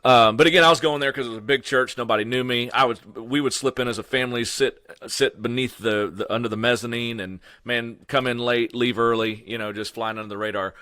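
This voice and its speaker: Animated, bright-voiced man telling a story. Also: medium pitch, a little fast, hardly any pauses, no room sound. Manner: animated, chatty, fillers like "you know" and "man". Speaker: podcast guest. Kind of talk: casual storytelling.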